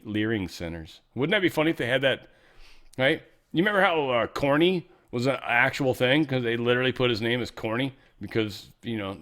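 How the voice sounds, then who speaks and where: A show host from California, with a mid-range, slightly bright voice, gives casual news commentary. His delivery is a sarcastic, profane rant.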